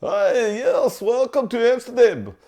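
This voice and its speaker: A man putting on a jolly Dutch tour guide voice with a Dutch accent, high, slow and soft-tongued. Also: expressive, full character voice. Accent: Dutch, put on. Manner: high, slow, mushy-mouthed. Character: man playing a cheerful Dutch tourist guide.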